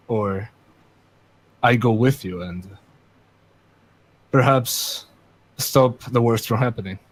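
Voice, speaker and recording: A man voicing an emotional man who makes a slow, earnest plea to his friends. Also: mid-range voice, rough recording.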